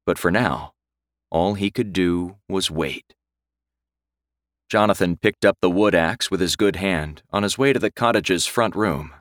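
Slow, grave low-voiced male narrator. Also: fairly bright tone, dry recording, clean studio sound. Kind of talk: scripted audiobook narration.

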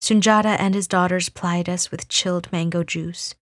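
A woman narrating a novel as an audiobook reader, in measured, unhurried storytelling. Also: lowish voice, fairly even intonation, no echo, studio quality. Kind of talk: scripted narration.

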